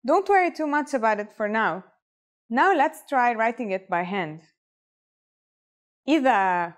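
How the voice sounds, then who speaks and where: A woman presenting a scripted language lesson in a clear, upbeat teaching manner. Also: a little high, animated, a little slow. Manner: clear, upbeat instructional delivery.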